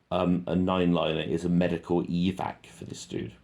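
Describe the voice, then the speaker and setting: A man's voice: low voice, level tone, normal speed, vocal fry, a little mellow. A man reading a transcript aloud and commenting on it, in an offhand way with many ums and self-corrections. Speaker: reader and commentator.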